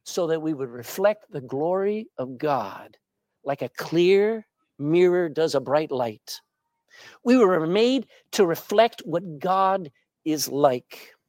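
A woman's voice: low voice, slow. A woman preaching with a voice that rises and falls freely, keeping her congregation engaged with questions and the odd humorous story. Her sermon is captured close and dry, with no room echo. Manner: animated, asks the congregation questions; tells jokes and anecdotes with a laugh.

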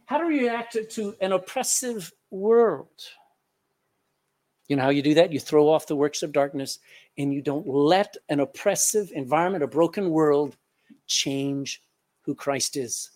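Man preaching with loud-to-hushed swings. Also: on the high side, measured pace. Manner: rhetorical questions to the congregation. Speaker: pastor. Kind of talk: sermon and closing prayer.

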